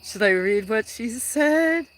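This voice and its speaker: A woman hosting a casual livestream from her farm, soft-spoken and touched, chatting with viewers. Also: a little high, expressive, takes it slowly, a little hiss or hum, poor audio. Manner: soft-spoken and emotional, thanking viewers warmly. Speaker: livestream host. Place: outdoors on a small farm.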